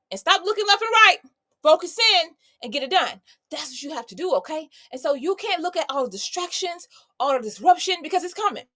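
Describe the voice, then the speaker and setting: A woman's voice: extremely high pitch, pushed and bright. A woman in her thirties giving an exuberant, preachy motivational live talk, greeting viewers by name. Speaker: host.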